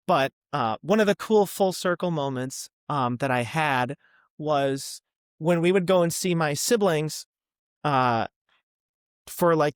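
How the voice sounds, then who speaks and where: A young man from the Midwest, a podcast guest chatting casually about his past with lots of ums and quick asides. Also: a little high, clear, resonant tone, no room sound, studio quality. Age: young adult. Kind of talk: casual interview chat.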